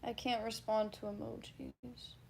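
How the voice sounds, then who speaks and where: A woman's voice: fairly high pitch, flat delivery, measured pace, gravelly, a little hiss or hum. A woman livestreamer casually reading and answering chat, blunt and laughing, swearing freely.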